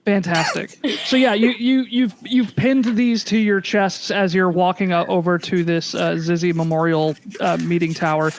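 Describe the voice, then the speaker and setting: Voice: mid-range voice, fairly even intonation, moderate pace, few pauses, a little hiss or hum. A game master narrating a tabletop game, hesitant and full of fillers and restarts.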